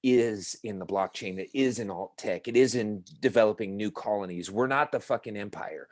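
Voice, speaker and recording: A man's voice: lowish voice, moderate pace, no room sound. A man in casual podcast chat, talking in an emphatic, profane, ranting way.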